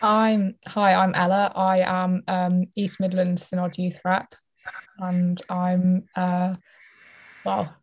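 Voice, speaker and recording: Young woman, very flat, dull audio. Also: lowish voice, slow pace. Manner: hesitant, a little unsure. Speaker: youth representative. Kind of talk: panel introduction. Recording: dull audio, faint noise.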